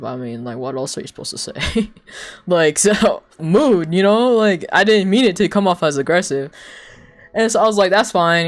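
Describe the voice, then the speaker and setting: Rambling young streamer telling a story. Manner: rambling, heavy use of "like", swears, laughs between lines; acts out quoted people with sudden pitch jumps. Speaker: livestreamer. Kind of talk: casual storytelling to chat.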